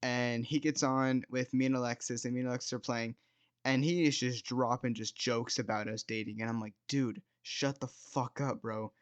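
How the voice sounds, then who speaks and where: A man's voice: mid-range voice, fairly even intonation, fairly quick, clear, resonant tone, no echo. A young man in his late teens hosting a storytime video, rambling through a casual story in a self-mocking way, full of "like" and "dude". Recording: dull, lo-fi, dry sound.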